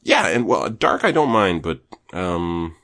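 A man's voice: low voice, measured pace. A man hosting a podcast in casual chat, telling stories with lots of swearing and acting out what people said. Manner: animated storyteller, swears often, acts out quotes loudly. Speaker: podcast host.

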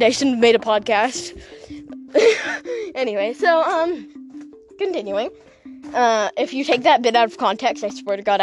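A woman hosting a casual solo podcast, telling a rambling, gossipy story with lots of laughing and self-deprecating, awkward asides. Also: on the high side. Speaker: podcast host.

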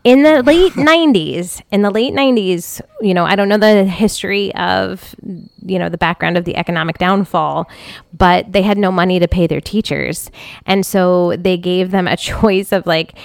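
Creaky-voiced woman co-hosting a chat show. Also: on the low side, steady tone, moderate pace, no room sound, studio quality. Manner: chatty, teasing, laughs often. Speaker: radio show co-host. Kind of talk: casual chat.

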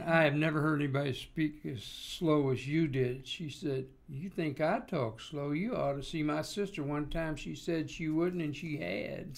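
A man's voice: on the high side, creaky. An older man co-hosting a casual chat, a joking, folksy storyteller. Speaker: co-host.

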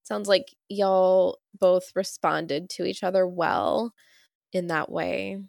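A woman's voice: on the low side, fairly even intonation, slow pace, vocal fry, no room sound, studio quality. A woman, a podcast host and relationship therapist, asking questions in a reflective, chatty way. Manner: warm, reflective, says "y'all" and "like". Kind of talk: casual interview chat.

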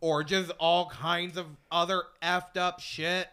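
A man hosting a casual podcast chat, an animated storyteller who swears freely. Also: sits high, takes it slowly, clean tone. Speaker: podcast host.

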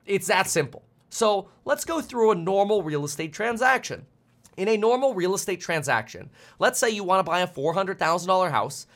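A man's voice: high-pitched, big pitch swings, normal speed, a bit bright. A man streaming finance commentary, ranting bluntly and fired up, often stumbling over repeated words.

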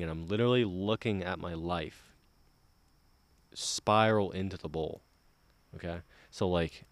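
Low-voiced guy on a podcast, loose and profane, rambles through a wild story. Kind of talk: casual podcast chat.

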